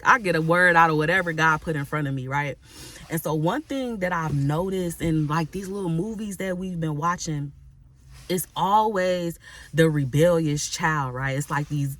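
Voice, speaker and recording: A woman's voice: low-pitched, fairly bright tone. Woman, Christian life coach; emphatic, repetitive motivational preaching, talks straight to her audience. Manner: emphatic, repeats phrases, frequent tag "right?"; addresses audience directly and casually.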